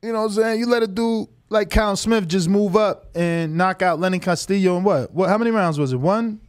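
Man, high voice, challenging host, dry close sound. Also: dry recording. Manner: challenging, rapid questions. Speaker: podcast host taking calls. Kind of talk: call-in boxing debate.

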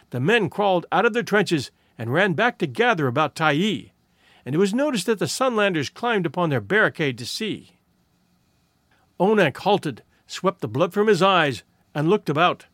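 A man narrating a classic short story in an expressive storytelling delivery. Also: high-pitched, no echo. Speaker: audiobook narrator.

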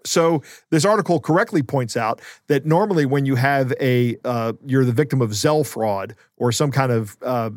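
A man's voice: mid-range voice, moderate pace, few pauses, a little mellow, dry recording, clean studio sound. A man co-hosting a podcast in casual chat, talking loosely with fillers and laughs. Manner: conversational, with frequent fillers and laughs. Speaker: podcast co-host.

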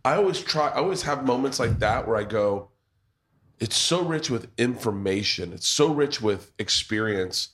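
A man's voice: mid-range voice, lively intonation, normal speed, fairly bright tone. A man hosting a casual chat in a pub, telling a family story with frequent laughter. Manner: storytelling, laughs often, restarts. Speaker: podcast host.

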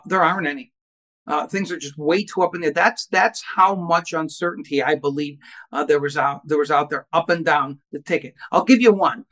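A man's voice: a little high, a bit bright. Wry man answering interview questions. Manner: wry, confident, with repeated restarts. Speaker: political journalist guest.

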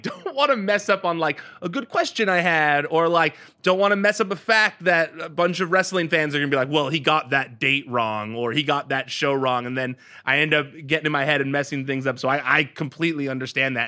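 Male podcast host; casual, chatty interviewer, fairly high, bright voice. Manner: chatty, quick to laugh along.

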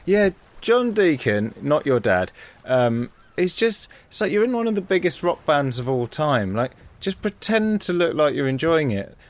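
A man, co-hosting a podcast, chatting casually with animated, exasperated riffs. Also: a little high, normal speed. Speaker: podcast co-host. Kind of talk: casual chat.

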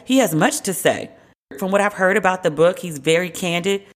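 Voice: medium pitch, moderate pace. A podcast host giving casual, candid commentary alone, wry and opinionated, with slangy asides.

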